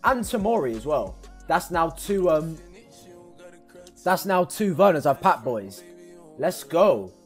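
A man, commenting excitably as he opens football game packs for his stream viewers and yelling at big pulls. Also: a little high, takes it slowly, pauses often, soft background music. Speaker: gaming streamer. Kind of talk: excitable pack-opening commentary.

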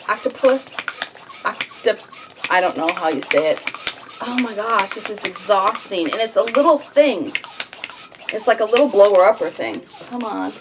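A woman's voice: medium pitch, a bit bright, slight background noise. A woman vlogging at home on her homestead, talking herself through a fiddly craft in a fretful, slightly whiny way. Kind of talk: casual self-talk while crafting. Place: at home on a farm.

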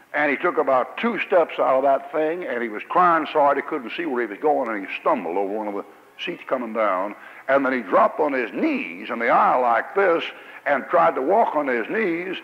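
A man preaching a sermon in a church, folksy and joking, swinging between soft and loud. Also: mid-range voice, big pitch swings, normal speed, creaky. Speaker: pastor. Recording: muffled old church recording with long reverb.

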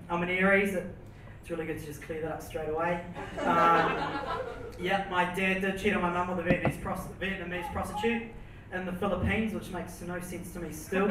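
A young man with a New Zealand accent rambles nervously through a stand-up set, laughing at his own jokes. His voice sits fairly high. He is picked up from a distance in a roomy venue with noise behind him. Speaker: stand-up comedian. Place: comedy venue with audience.

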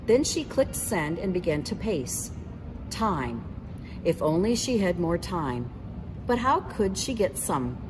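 A woman's voice: fairly low pitch, sing-song, slow pace, background noise. A woman reading a children's picture book aloud, narrating expressively and voicing the characters.

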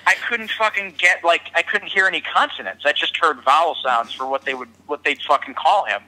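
A man's voice: a little high, brisk, bright, forceful tone, rough recording. A man co-hosting a movie review podcast, rambling with restarts and lots of swearing. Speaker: podcast co-host. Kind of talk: casual movie review chat.

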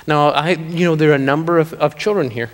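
A man preaching a sermon to a congregation, slowing down to stress key lines. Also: fairly high pitch, fairly even intonation. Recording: long reverb of a hall.

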